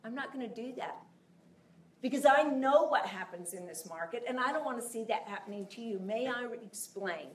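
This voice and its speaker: A woman's voice: on the high side, brisk. A woman giving a passionate live talk to an audience as a sales coach, emphatic and acting out conversations with clients. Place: large room before a live audience. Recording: echoey room, voice from far off.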